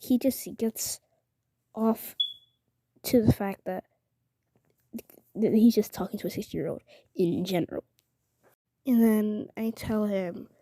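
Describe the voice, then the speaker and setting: A young woman recounts a story in a mellow voice, recorded close and dry. She sounds indignant and rambles with lots of filler words. She keeps slipping into a half-whisper. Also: medium pitch, no room sound. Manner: indignant, often drops to a whisper. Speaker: vlogger. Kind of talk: casual storytelling.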